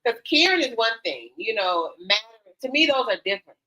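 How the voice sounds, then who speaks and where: Bright and forceful, this older woman's slightly high voice swings widely in pitch at a brisk pace. Hosting a radio talk show, she's frank and animated in candid, casual conversation, acting out quotes, recorded in slightly dull lo-fi.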